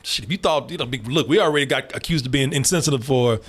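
A man's voice: mid-range voice, fast talker, husky. A man hosting a casual movie review chat, laughing often and swearing freely. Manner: laughing, profane, animated storyteller. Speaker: podcast host reviewing a movie.

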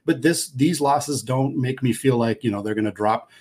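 A man's voice: medium pitch, normal speed, a little mellow, husky. A man co-hosting a sports podcast, analysing college basketball in a casual, thinking-aloud way.

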